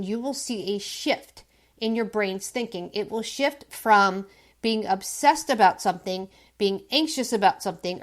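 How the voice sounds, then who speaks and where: A woman addictions coach giving an upbeat, emphatic self-help talk, acting out people's worries in quoted lines. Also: medium pitch.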